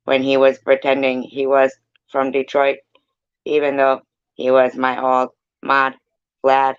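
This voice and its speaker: A man's voice: medium pitch, monotone, unhurried, long pauses, clear, resonant tone, muffled recording. A man hosting a casual live chat room, rambling and blunt, swearing now and then.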